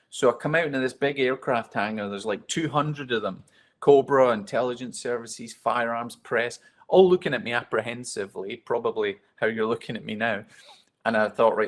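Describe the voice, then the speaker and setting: A man giving a motivational talk to a live audience, telling stories in a candid, self-deprecating way. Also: medium pitch. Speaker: keynote speaker.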